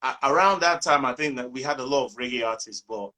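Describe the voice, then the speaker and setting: A man from Nigeria chats as a musician guest, with a middle-pitched voice. He tells lively stories in a relaxed interview, acting out what others said. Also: fast. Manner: lively storyteller acting out quotes. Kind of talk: casual interview chat.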